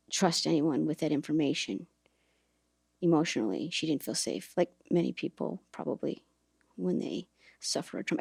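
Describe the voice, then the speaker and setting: A woman's voice: deep voice, gravelly, breathy edge, no echo, studio quality. A woman hosting a podcast, telling a personal story in a reflective, earnest way, with hesitations and restarts. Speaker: podcast host and author.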